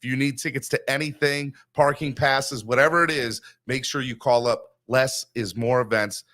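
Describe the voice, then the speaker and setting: A man's voice: mid-range voice, steady tone, normal speed, a bit bright. A man hosting a sports podcast morning show, talking in an upbeat, hyped-up way while plugging the channel and sponsors from a bare new room. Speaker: podcast host.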